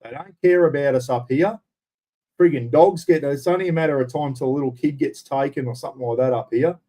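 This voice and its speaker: A man's voice: medium pitch, a little fast, mellow. An Australian man hosting a casual livestream, answering viewers in a blunt, rambling way with casual swearing. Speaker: livestream host.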